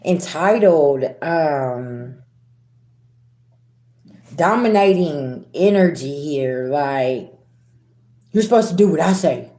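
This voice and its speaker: A woman's voice: low voice, animated, slow pace, long pauses, dark tone, reverberant. A woman giving a casual tarot reading to her viewers, talking bluntly with sass, slang and swearing. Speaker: tarot reader.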